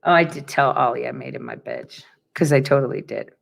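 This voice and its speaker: A woman hosting a casual commentary show, talking in a profane, sarcastic, animated rant. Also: rumbling low, a little fast, gravelly. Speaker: show host.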